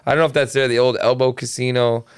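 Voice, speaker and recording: Crude, rambling middle-aged comedian. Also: male voice, mid-range voice, little pitch movement, fast talker, clear, resonant tone, no room sound, studio quality. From Canada. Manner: crude, rambling, swears a lot. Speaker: comedian and podcast co-host. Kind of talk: casual chat.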